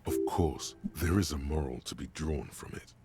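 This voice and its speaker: Gravel-deep, grim game narrator. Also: male voice, very noisy. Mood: grim, sardonic. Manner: slow, morbid, darkly wry delivery. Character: grim gravelly older male narrator, darkly sardonic. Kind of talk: video game voice acting. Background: faint game music.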